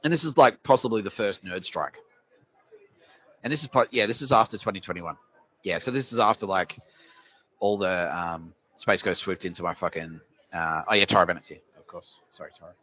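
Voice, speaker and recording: Australian male podcast host, rambling comic monologue, answers his own questions, swears a lot, somewhat low voice, muffled lo-fi recording. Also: moderate pace. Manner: swearing, asks himself questions and answers them. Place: city street outdoors. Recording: dull lo-fi recording.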